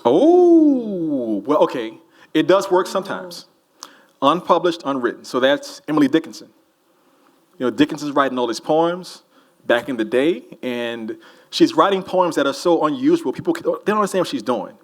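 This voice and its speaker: A man's voice: on the high side, big pitch swings, moderate pace. A man, an author answering audience questions at a festival in a loose, rambling, joking way. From New Orleans. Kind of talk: casual audience Q&A. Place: festival hall with a live audience.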